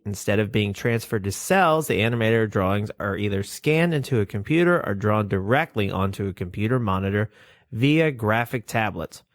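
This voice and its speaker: On a casual podcast, a man co-hosting with a fairly low yet nasal voice reads out definitions and cast lists, dropping casual swear words along the way. The recording is dry, with clean studio sound.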